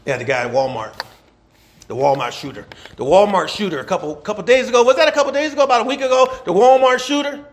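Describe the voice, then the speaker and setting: Speaking fast in a high-sitting voice, a middle-aged man delivers a folksy sermon with a slight hiss or hum in the audio. He preaches animatedly, poses rhetorical questions, draws call and response, and laughs between points.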